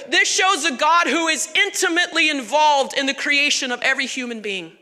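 A woman pastor preaching a sermon in a church, animated and conversational with laughing asides. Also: sits high, a little fast, few pauses, big-room sound.

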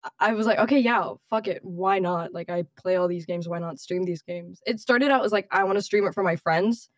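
A woman's voice: lowish voice, a little fast, no room sound, clean studio sound. A young woman, a college student guest, chatting loosely with frequent laughs and casual swearing. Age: young adult. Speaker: guest streamer. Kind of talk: casual chat.

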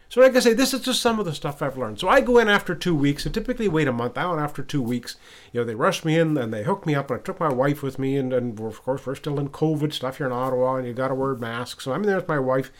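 A podcast host from Ottawa talks in a mid-range, animated voice at a fast clip. He casually tells a personal story and retells conversations, often restarting and repeating words.

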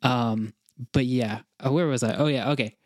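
A young man from North Carolina co-hosting a podcast, chatting casually in an excitable, rambling way with lots of restarts and fillers. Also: medium pitch, moderate pace, no room sound, studio quality. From North Carolina, USA. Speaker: podcast co-host. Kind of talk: casual chat.

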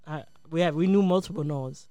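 A man's voice: on the high side, fairly quick, dark tone, no room sound. A young man co-hosting a podcast, recalling stories with a friend in a laid-back, profane chat. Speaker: podcast co-host. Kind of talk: casual storytelling chat.

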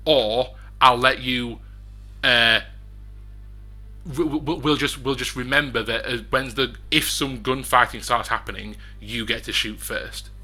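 A very bright-voiced man narrates a tabletop western game as its game master. He is chatty and laughs easily, often stumbling into restarts. Soft music plays behind him. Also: medium pitch, steady tone, unhurried.

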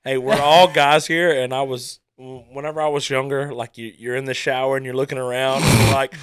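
A young man hosts a rowdy podcast with friends, telling crude stories loudly and laughing often. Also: mid-range voice, little pitch movement, normal speed, hardly any pauses, smooth, dry recording, clean studio sound. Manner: loud storyteller, laughs often, crude jokes. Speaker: podcast host. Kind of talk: rowdy casual podcast banter.

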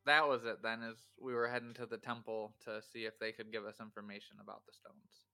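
Bright, clear-voiced man playing a tabletop game. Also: on the low side, flat delivery, brisk. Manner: describes his character's actions plainly. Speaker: player. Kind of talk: casual tabletop game play.

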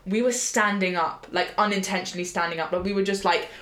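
A woman's voice: mid-range voice, fast talker, a little hiss or hum. A young woman, co-hosting a casual chat podcast and telling stories with lots of "like". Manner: chatty, animated storytelling with frequent "like". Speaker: podcast co-host. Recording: echoey room.

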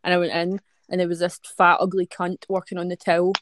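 A woman's voice: lowish voice, completely flat delivery, brisk, slight background noise. A young Scottish woman co-hosting a podcast, telling blunt, profanity-laden stories in casual chat. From Scotland. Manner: sweary, blunt storyteller. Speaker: podcast co-host.

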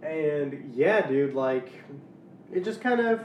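A man's voice: a little high, expressive, slow, roomy sound, muffled recording, a little hiss or hum. Rambling Southern man, far from mic. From Louisiana, US. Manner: rambling, filler-heavy, many restarts. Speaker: podcast co-host. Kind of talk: casual chat.

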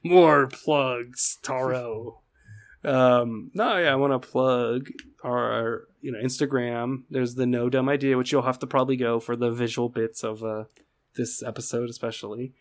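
A man's voice: mid-range voice, fairly even intonation, measured pace. A man co-hosting a podcast in casual chat, joking and swearing loosely. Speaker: podcast co-host.

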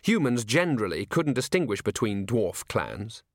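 A man narrating an audiobook with expressive, dry comic timing. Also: on the low side, normal speed, no room sound.

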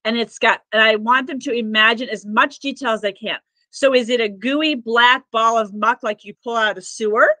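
Woman healer rambling on a podcast, bright clear voice, dry close sound. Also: on the high side, moderate pace, no echo, rough recording. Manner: rambling and earnest, with many "like" fillers and restarts. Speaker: Akashic records practitioner and healer, podcast guest. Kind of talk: conversational podcast storytelling.

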